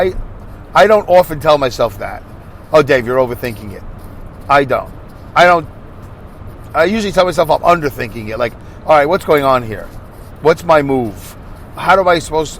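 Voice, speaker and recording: A man's voice: a little high, fairly bright tone. Rambling man talking while driving. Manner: rambling, full of fillers and self-corrections. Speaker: podcast host. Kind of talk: solo rambling monologue. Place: car driving on a highway. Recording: faint road noise in a moving car.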